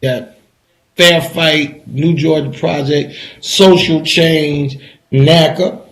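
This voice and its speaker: A woman who hosts and owns a radio station, talking in a brash, rapid-fire way as she reels off lists. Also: deep voice, steady tone, reverberant, rough recording. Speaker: radio station owner and morning show host. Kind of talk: casual radio talk.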